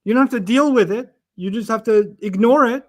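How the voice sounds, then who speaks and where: A man with a fairly high voice delivers a Quran lecture to listeners. He talks in an animated way, asking rhetorical questions and slipping into little acted-out bits of dialogue. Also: fairly quick. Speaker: Quran teacher.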